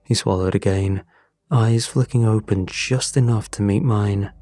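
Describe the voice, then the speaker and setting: A man narrating a scripted horror story in a slow, measured way, recorded close on a studio mic. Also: fairly low pitch, fairly even intonation, mellow, dry recording, soft background music.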